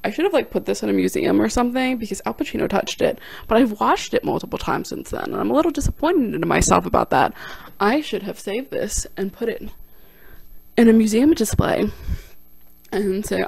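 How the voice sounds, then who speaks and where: A young woman tells a funny personal story on her vlog, slipping into quick quoted voices as she goes. Her voice has a gravelly edge of vocal fry, and the recording is close and dry with no room sound. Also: medium pitch, dry recording. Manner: animated, self-deprecating storytelling with quoted voices. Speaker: vlogger and stand-up comic. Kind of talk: casual storytime.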